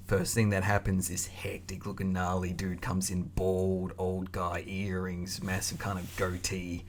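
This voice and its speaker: A young man telling a casual story in an animated, slangy way. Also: low voice, unhurried, few pauses, slight background noise. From Australia. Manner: animated, slangy, acts out voices.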